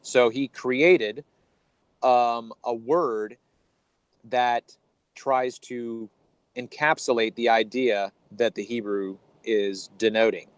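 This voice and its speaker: A man's voice: mid-range voice, steady tone, slow pace, clear, resonant tone, no room sound, poor audio. A man co-hosting a conversation, explaining Bible translation in a hesitant, teacherly way with frequent ums and restarts. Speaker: podcast co-host.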